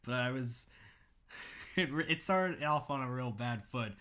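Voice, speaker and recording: A man's voice: medium pitch, animated, measured pace, sharp tone. A man hosting, reading stories aloud and laughing often through casual chat.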